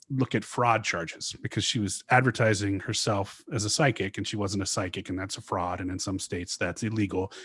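A man in a casual podcast chat, unhurried and easygoing as he recounts a story. His voice sits at an ordinary pitch and sounds dry, with no room around it. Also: no room sound. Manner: laid-back storytelling with fillers and chuckles. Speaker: podcast co-host.

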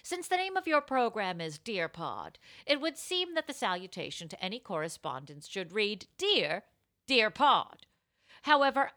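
A woman co-hosting a comedy podcast, chatting playfully, laughing often and reading a listener letter aloud. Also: medium pitch. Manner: animated, laughs often, jumps into silly voices. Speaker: podcast co-host.

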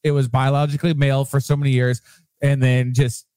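A man's voice: medium pitch, little pitch movement, brisk, warm tone, smooth, no echo, clean studio sound. A man in casual chat, rambling and profane, with restarts as he goes.

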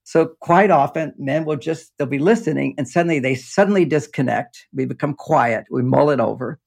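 Older man, gravelly and husky. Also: fairly high pitch, normal speed. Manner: rambling, explanatory, laughs often. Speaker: relationship author and guest. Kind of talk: casual conversational interview. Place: underground home office.

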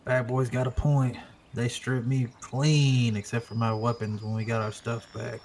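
Gravelly, laid-back male player. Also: medium pitch, little pitch movement, normal speed, a little mellow, slight background noise. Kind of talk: in-character tabletop play.

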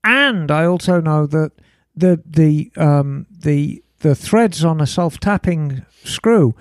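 A woman with an English accent co-hosting a casual podcast chat, often pausing with fillers as she searches for words. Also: sits low, animated, dry recording, studio quality. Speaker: podcast co-host.

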